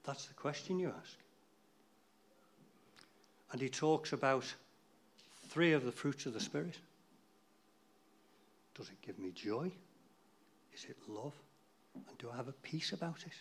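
A man's voice: mid-range voice, lively intonation, a little slow, pauses often, husky. A man giving an informal, rambling talk to a church group, chatty and losing his place now and then.

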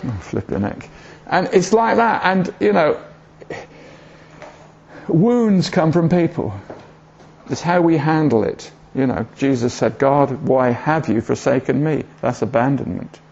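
A man's voice: fairly high pitch, measured pace, creaky, darkish tone. Chatty, jokey preacher man, lo-fi. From southern England. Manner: chatty, jokey, asks the congregation questions. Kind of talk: informal sermon. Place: church. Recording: dull lo-fi church recording.

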